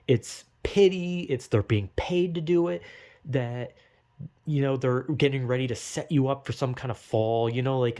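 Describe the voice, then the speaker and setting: A man's voice: medium pitch, a little mellow. Rambling, profane young man. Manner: rambling, profane, acts out quotes in silly voices. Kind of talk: casual monologue.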